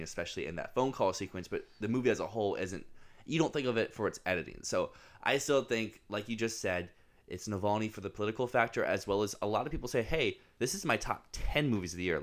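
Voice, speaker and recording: A man with a fairly low voice co-hosts a film podcast in casual chat. He talks things through quickly and analytically, weighing each option in turn. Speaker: podcast co-host.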